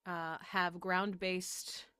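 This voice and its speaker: A woman's voice: fairly low pitch, little pitch movement, very slow, sharp tone, clear, resonant tone, no echo. Chatty Southern woman, dry sound. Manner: chatty, rambling, laughs often. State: sick and exhausted. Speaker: spiritual channel host. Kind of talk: casual talk to camera.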